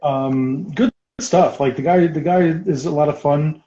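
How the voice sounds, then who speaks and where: Male guest, lively storyteller who laughs a lot, roomy and muffled audio. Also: fairly high pitch, a little slow. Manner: animated storyteller, laughs often; painting while talking. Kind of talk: casual chat, storytelling. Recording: roomy, dull sound.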